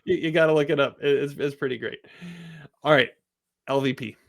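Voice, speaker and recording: A man's voice: mid-range voice, fairly quick, a bit bright. A man co-hosting a casual TV review podcast, a teacher who rambles and laughs a lot. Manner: rambling, chatty, laughs often.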